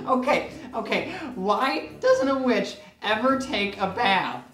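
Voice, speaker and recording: A man's voice: high voice, fairly bright tone, reverberant, full character voice. A man playing a male ghost who once scared villages and now giggles at his own corny jokes.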